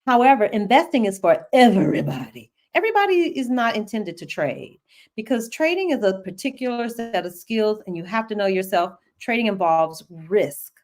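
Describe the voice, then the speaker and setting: Middle-aged woman, live-stream Q&A host, chatty, animated, laughs a lot, mid-pitched voice. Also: normal speed. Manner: animated and chatty, laughs often, talks straight to the audience. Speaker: host answering viewer questions. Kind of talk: live-stream Q&A, casual chat.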